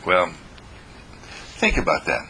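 An older man leading a guided meditation, speaking slowly and soothingly with deep audible sighs and breaths. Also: wildly swooping pitch, sharp tone, slight background noise, rough recording. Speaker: meditation teacher.

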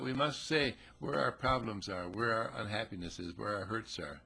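Folksy guy spinning a story, low raspy voice, lots of gravel. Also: moderate pace, pushed and bright. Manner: folksy, chatty, acts out characters. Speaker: speaker telling a parable. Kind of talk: conversational storytelling talk.

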